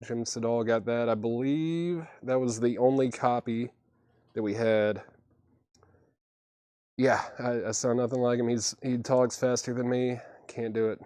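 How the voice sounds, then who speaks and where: A mid-pitched man runs a live record sale, calling out titles, conditions and prices in steady, easygoing patter. He makes self-deprecating asides along the way. His voice is close and dry, with no room echo. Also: a little slow, smooth. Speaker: host selling vinyl records on a livestream.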